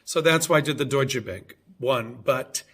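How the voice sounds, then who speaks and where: A man talks casually to the camera, rambling through his story. He often stops with an um or an uh and restarts his sentences. His voice sits at an ordinary middle pitch. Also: unhurried, fairly bright tone, slightly rough. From United States. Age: 50s. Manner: rambling, hesitant, many fillers and restarts. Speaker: vlogger.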